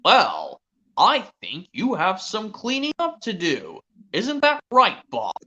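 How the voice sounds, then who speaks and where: Fan impression: a man doing a fussy old cartoon farmer, slow and scolding, dull voice-chat audio. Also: high voice, huge pitch swings, pushed and bright, voice pushed up, full character voice. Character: stern, fussy older male farmer. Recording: lo-fi online voice chat.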